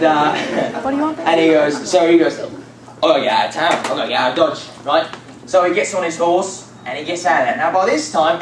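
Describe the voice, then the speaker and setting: A young man retelling a Bible story to a youth group in a casual, rambling, joking way with lots of fillers. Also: fairly high pitch. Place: church youth room. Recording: echoey room from far off, noisy.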